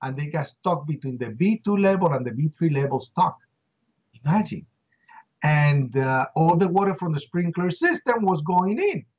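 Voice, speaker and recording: A middle-aged man, an interview guest, recounting a harrowing first-hand story with emotion, repeating words and acting out shouts. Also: on the high side, animated, moderate pace, slightly rough, dull audio.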